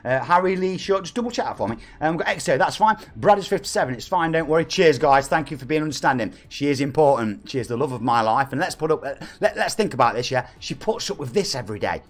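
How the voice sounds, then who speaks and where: A man's voice: fairly high pitch, lively intonation, quick pace, few pauses. A man in his forties with an East Midlands English accent, hosting a live game stream at home, chatty and hyped while reading out and thanking viewers. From England. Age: 40s. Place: home room.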